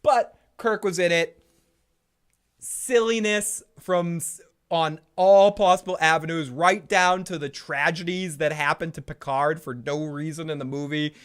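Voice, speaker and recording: A man's voice: fairly high pitch, steady tone, a little slow, a bit bright, clean tone. A man hosting a casual, opinionated chat, rambling and profane, with playful bursts of impressions. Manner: profane and rambling, full of restarts. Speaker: host.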